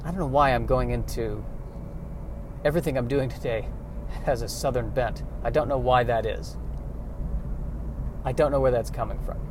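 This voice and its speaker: A man's voice: mid-range voice, moderate pace, pauses often, background noise. A man riffing in a meandering, wry comic monologue while driving. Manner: meandering, self-interrupting, wry. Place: inside a car while driving.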